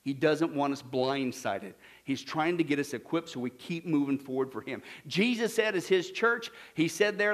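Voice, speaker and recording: A man preaching a sermon, rattling off scripture references and swinging from loud emphasis to hushed asides. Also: on the high side, lively intonation. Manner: rapid scripture citations. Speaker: pastor.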